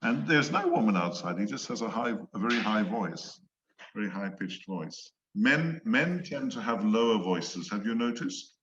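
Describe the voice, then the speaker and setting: A man teaching English in an online one-on-one lesson, slow and patient, explaining words and acting out examples. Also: fairly low pitch, expressive, a bit bright, a little hiss or hum. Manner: slow, patient, demonstrates voices. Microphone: video call. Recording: echoey, dull video-call audio.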